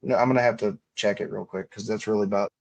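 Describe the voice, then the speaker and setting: A man's voice: on the low side, steady tone, rapid-fire, creaky, darkish tone. Rambling, profane young streamer guy. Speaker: livestream host. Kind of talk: casual livestream chat.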